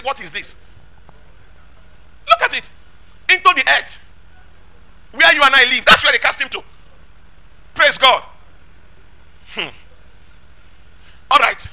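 High, bright-voiced preacher. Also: male voice, very animated, takes it slowly, pauses often. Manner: emphatic, rhetorical questions, shouts scripture lines. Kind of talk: sermon.

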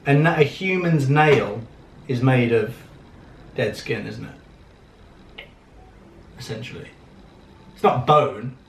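A man's voice: mid-range voice, takes it slowly, gravelly, pauses often, echoey room, slight background noise. A man co-hosting a casual vlog from a bedroom, joking and thinking aloud. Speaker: vlogger co-host. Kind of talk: casual chat. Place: home bedroom.

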